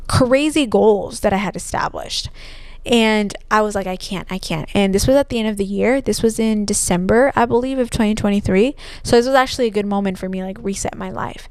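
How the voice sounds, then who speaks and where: Young woman podcaster rambling honestly, lots of "like", smooth clear voice, super dry close mic. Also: mid-range voice, darkish tone, dry recording. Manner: emotional, heavy use of "like", trailing restarts. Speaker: podcast host. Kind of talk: candid personal monologue.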